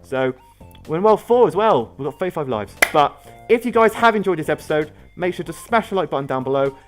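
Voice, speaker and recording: A man's voice: fairly high pitch, expressive, fairly quick, faint music behind. A young man, chatting in rambling casual let's-play commentary while he plays. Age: young adult. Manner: rambling chatty storytelling, many fillers. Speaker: gaming video host.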